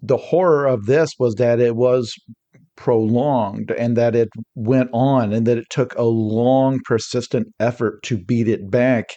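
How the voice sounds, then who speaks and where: A man talking as a podcast guest, energetic and rambling, often restarting his sentences mid-thought. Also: medium pitch, measured pace, dull audio. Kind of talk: casual podcast discussion.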